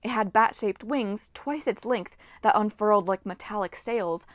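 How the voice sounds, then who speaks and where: Woman narrator for a story reading, expressive, mid-pitched, dry close mic. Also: moderate pace, dry recording. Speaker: audiobook reader.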